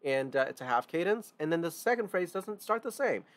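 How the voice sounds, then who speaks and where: Here a man with a fairly high, expressive voice teaches music theory in a casual online session, speaking a little fast. Key points get repeated and stressed. He often restarts sentences midway.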